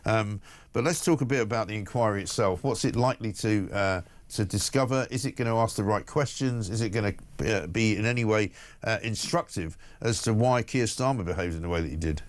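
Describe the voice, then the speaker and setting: A man hosting a live morning talk radio show, chatty and brisk, reading out listener messages and introducing a guest. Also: lowish voice.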